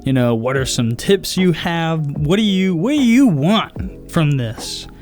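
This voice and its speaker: Young guy podcast host, slow rambly self-critical talk, cusses a lot, slightly high voice, faint music behind. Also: animated, darkish tone. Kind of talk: casual solo talk to listeners.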